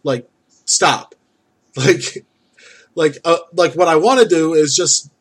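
A man with a raised, husky voice talks in loose casual chat. He rants about annoying neighbors with plenty of swearing and exasperation, often pushing his voice higher when he gets worked up. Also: slow. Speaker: store worker.

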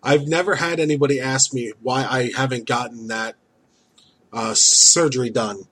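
A man's voice: medium pitch, steady tone, normal speed, fairly bright tone, husky. A man chatting casually as podcast co-host, complaining sarcastically and swearing. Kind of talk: casual chat.

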